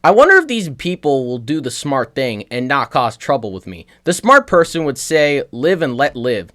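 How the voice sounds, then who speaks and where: Young man narrator, stern measured warnings, plain mid voice. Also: mid-range voice, big pitch swings, a bit bright. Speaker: video narrator. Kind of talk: scripted narration.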